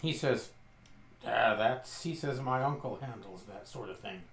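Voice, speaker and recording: In an echoey room with faint background noise, a man tells the story of his tabletop game character, describing what it does and voicing its lines. His medium-pitched voice is a little slow, creaky and fairly bright.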